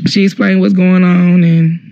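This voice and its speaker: Young man, high voice, casual live-stream storytelling, rambling, lots of swearing, acts out quotes, dull lo-fi phone audio. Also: level tone, a little slow, dark tone, no echo.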